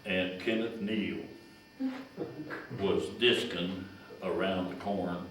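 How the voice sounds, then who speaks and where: Old guy in his 90s spinning folksy work stories, lowish voice, mic kinda far off in a roomy echoey space. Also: steady tone, slow, a bit bright. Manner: folksy anecdotes, acts out quoted voices, repeats words. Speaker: retired county extension agent. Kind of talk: storytelling reminiscence. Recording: echoey room, distant mic, faint noise.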